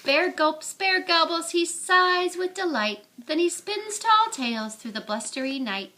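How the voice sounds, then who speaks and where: Grandmother reading aloud at bedtime, high and lively delivery. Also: measured pace. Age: older. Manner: animated, expressive read-aloud. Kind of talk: reading a picture book aloud.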